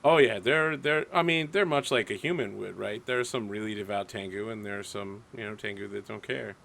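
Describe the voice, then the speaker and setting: A man running a tabletop game as game master, joking, animated and swearing freely in casual chat. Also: fairly low pitch, fairly quick, vocal fry.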